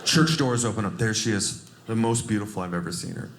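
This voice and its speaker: A man from Cleveland performing a stand-up comedy set, telling stories in an animated way and breaking into shrill put-on voices. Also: brisk. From Cleveland, Ohio. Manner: animated storytelling, breaks into shrill high-pitched character voices. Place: comedy club stage before a laughing audience. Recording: roomy stage sound with audience noise.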